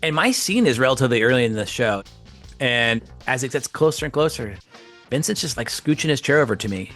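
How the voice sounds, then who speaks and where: Animated man telling a story. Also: a little fast, soft background music. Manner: animated, acts out quotes with big pitch jumps. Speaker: actor and comedian telling a story. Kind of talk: casual storytelling.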